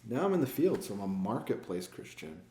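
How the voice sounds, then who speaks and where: Deep-voiced former pastor, echoey room. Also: male voice, very animated, fairly quick, dark tone, a little hiss or hum. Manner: reflective, poses rhetorical questions and answers them. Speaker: sales manager and former pastor, guest. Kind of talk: casual podcast interview.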